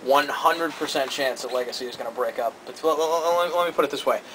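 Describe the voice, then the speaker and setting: A man co-hosting a casual talk show, giving quick, opinionated takes with lots of energy. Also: medium pitch, noisy background. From Cambridge area. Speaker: co-host.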